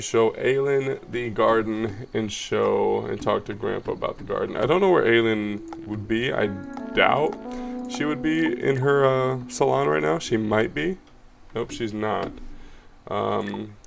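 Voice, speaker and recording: A man's voice: fairly low pitch, fairly even intonation, moderate pace, gravelly, soft background music. A man chatting casually as he plays a video game, joking around and reading its lines aloud. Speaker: gameplay commentator. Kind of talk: let's play commentary.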